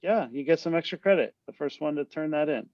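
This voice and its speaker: A man's voice: a little high, animated, fast talker, darkish tone, no room sound, muffled recording. A man lecturing a university class online in a casual, conversational way, often checking in with "right?" to his students. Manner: loose, conversational, full of tag questions.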